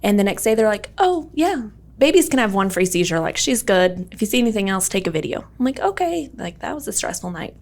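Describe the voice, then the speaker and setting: A woman's voice: mid-range voice, animated, quick pace, hardly any pauses. Young woman telling a story. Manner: chatty, full of "like" and "um", acts out quoted dialogue. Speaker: podcast guest. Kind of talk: casual personal storytelling.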